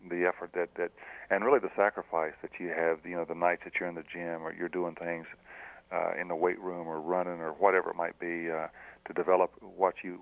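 A middle-aged man, a former pro player now coaching, answering radio callers by phone in a halting way with many fillers. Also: low-pitched, no echo. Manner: soft-spoken and halting, with many fillers and restarts. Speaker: high school basketball coach. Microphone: telephone. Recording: thin phone line.

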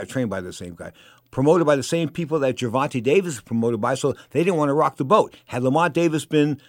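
A man's voice: mid-range voice, no echo, clean studio sound. An older man hosting a boxing talk radio show, rambling and opinionated, often repeating himself in a casual monologue.

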